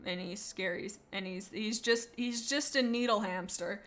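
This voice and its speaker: A young adult woman streaming, chatting casually in a rambling, excitable way as she gushes about cute animals. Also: medium pitch, moderate pace. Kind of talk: casual livestream chat.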